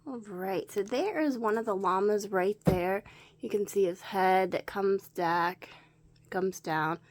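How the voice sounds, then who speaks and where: In a relaxed show-and-tell, this woman walks through the quilting and sewing she did this week, one piece at a time. She has a mid-range voice and sounds animated but unhurried.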